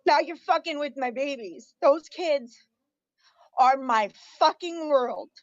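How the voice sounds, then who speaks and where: A woman's voice: high voice, takes it slowly, no room sound. Crying, furious woman ranting on stream. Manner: furious, profane, repeating herself. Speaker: livestreamer. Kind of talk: angry livestream rant. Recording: dull lo-fi stream audio.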